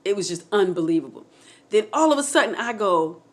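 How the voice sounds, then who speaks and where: A woman telling her own near-death story to her viewers in an animated, excitable way, speaking straight to them with faith and feeling. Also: mid-range voice, fairly quick. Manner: testimonial, faith-filled. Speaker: channel host telling a personal story. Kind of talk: emotional personal storytelling.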